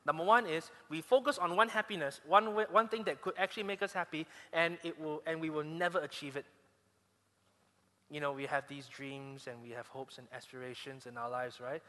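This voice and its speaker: Malaysian guy preaching in a big hall, high bright voice, long echo. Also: fairly quick. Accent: Malaysian English. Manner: animated storytelling with frequent restarts. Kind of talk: sermon.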